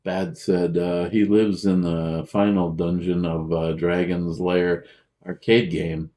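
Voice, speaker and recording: Deep-voiced man, unhurried, halting co-host reading chat aloud, blunt and profane. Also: little pitch movement, dark tone. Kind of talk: casual livestream chat. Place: a friend's home.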